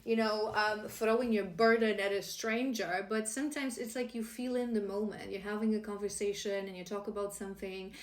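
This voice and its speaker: A woman's voice: medium pitch, level tone, fairly quick, hardly any pauses, reverberant. A woman reading tarot-style cards as spiritual guidance, earnest and encouraging, often restarting her sentences. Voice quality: emotional, laughing warmly at times. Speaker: tarot card reader.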